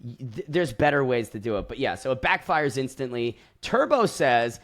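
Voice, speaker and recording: Man, podcast co-host, casual, swears, animated retelling, mid pitch. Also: normal speed. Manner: animated storytelling, acts out quotes, swears. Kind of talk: casual recap chat.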